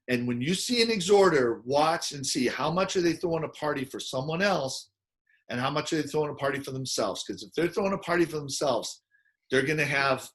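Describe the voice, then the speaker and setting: A man giving an animated teaching talk, acting out quoted people in loud, excited bursts. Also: mid-range voice. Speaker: personality model speaker.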